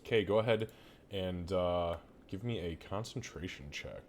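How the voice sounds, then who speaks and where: A man with a lowish voice narrates as game master for a tabletop game. He describes the scene at length, pausing on ums and restarts as he goes. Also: slight background noise. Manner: descriptive, hesitant with fillers.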